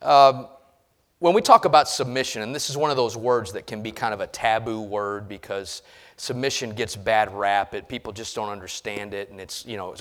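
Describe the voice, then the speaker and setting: A middle-aged man preaching a sermon in a church, swinging from quiet talk to loud emphasis and acting out voices. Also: lowish voice, fairly even intonation, normal speed. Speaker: pastor. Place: church sanctuary.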